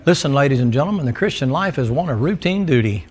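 In church, a male preacher delivers a folksy sermon full of jokes, teasing his congregation as he tells his stories. His mid-range voice is a little mellow, with lively intonation and a quick pace.

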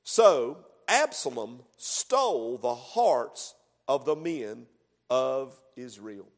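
A man preaching a sermon as pastor, building to loud, emphatic passages. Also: medium pitch, big pitch swings, extremely slow. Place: church sanctuary. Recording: long echoing reverb of a church hall.

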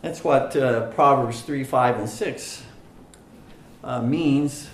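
A man teaching a Bible study, slow and deliberate, with many fillers and stress on single words. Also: medium pitch, reverberant, slight background noise, poor audio.

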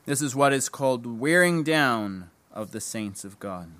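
A man preaching a sermon, emphatic, repeating key phrases and dropping low at the ends of lines. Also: lively intonation, unhurried, a bit bright.

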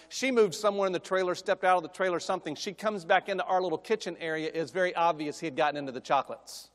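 A man's voice: high voice, quick pace, hardly any pauses, fairly bright tone. A middle-aged man preaching as a guest speaker, telling folksy family stories that build into emphatic preaching. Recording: long hall reverb.

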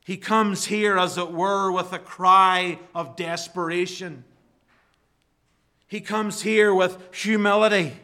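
A man preaching a sermon slowly, building to fervent emphasis. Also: sits high, steady tone, pushed and bright. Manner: slow, rising to fervent emphasis.

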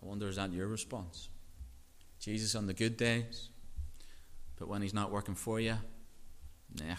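A man preaching a sermon as pastor, emphatic and repetitive, swinging between hushed and loud. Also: on the low side, steady tone, moderate pace. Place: church. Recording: long reverb of a church hall.

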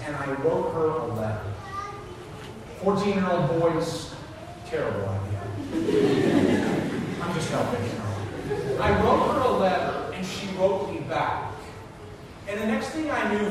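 A man in his forties preaching a sermon as pastor, telling stories with big swings from loud to soft. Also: sits high. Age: 40s. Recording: echoey hall, voice from far off, noisy.

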